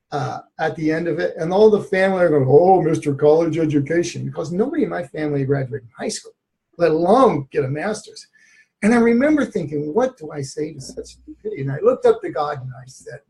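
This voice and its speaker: A man with a somewhat high, gravelly voice tells a personal story as a guest. He is a therapist, candid and reflective, and laughs now and then as he recalls it. His voice has a noticeable rasp. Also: darkish tone.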